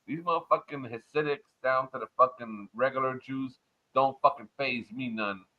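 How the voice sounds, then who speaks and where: A man from Montreal ranting crudely and loudly in a casual livestream chat. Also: mid-range voice, normal speed. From Montreal, Canada. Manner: loud, profane, swaggering rant. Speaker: livestream panel guest. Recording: muffled lo-fi online audio.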